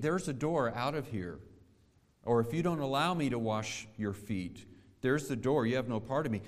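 A man preaching a sermon, measured and deliberate, asking the congregation rhetorical questions. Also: medium pitch, big-room sound. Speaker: pastor.

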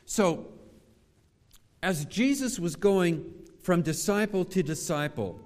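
Male pastor, slightly high voice, measured sermon delivery, long hall reverb. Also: darkish tone. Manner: measured preaching, rhetorical questions to the congregation.

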